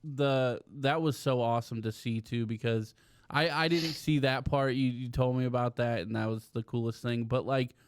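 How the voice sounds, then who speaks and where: A man's voice: mid-range voice, steady tone, moderate pace, smooth, no room sound, clean studio sound. A man with a Midwestern American accent, co-hosting a casual chat, reflective and agreeable. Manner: agreeable, reflective, backs up his co-host. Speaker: podcast co-host.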